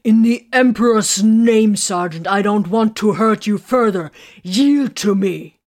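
A woman voicing a stern male warrior captain in an audiobook reading, giving clipped, forceful commands. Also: fairly low pitch, flat delivery, drawn-out words, creaky, full character voice. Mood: commanding.

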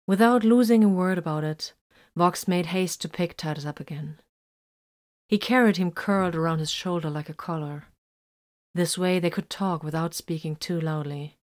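Low-voiced woman narrating a story. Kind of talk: scripted narration of fan fiction.

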